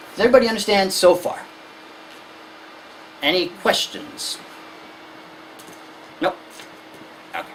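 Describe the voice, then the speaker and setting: A woman gives a lecture to parents, her voice leaping up and down as she acts out children and exasperated parents. She is picked up by a camera from across the hall, with a faint hiss of room sound behind her. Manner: animated, acts out kids and parents in high voices.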